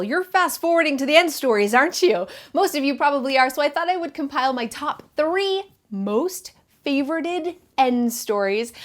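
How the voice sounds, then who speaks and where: Chatty woman in an echoey room. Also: sits high. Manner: chatty, laughing, self-deprecating. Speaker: home organizing vlogger. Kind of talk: casual storytelling to camera. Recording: roomy echoey indoor sound.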